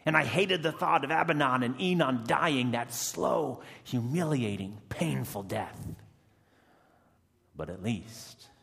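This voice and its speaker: A man playing a fierce, emotional rebel prisoner who has just been freed. He delivers a first-person dramatic monologue, swinging between hushed tones and loud outbursts with dramatic pauses. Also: mid-range voice, lively intonation, gravelly, full character voice. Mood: intense. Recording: long reverb of a large hall.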